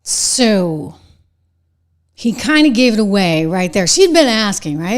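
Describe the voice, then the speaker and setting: A woman with a New England accent hosting a commentary show, talking in a chatty, animated way and laughing between points. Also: medium pitch, measured pace. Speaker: show host. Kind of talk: commentary with a sponsor read.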